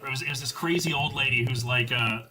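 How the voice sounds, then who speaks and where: A man's voice: medium pitch, fast, crowd noise, poor audio. A man co-hosting a game stream, telling stories in a rambling casual way with lots of fillers and restarts. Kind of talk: casual chat.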